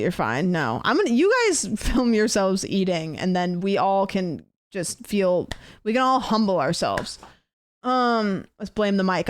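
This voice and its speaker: A woman's voice: medium pitch, no room sound. Woman streamer, young adult, chatty, self-mocking, laughs a lot, dry close sound. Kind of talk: casual chat. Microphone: desk mic.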